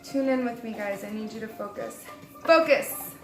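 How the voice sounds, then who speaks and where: A chatty young woman with a fairly high voice talks her way through a tarot reading, rambling and light. The room is echoey, and music plays clearly behind her. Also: normal speed. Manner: chatty and rambling, laughs at herself. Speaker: tarot reader. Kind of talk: casual spoken tarot reading.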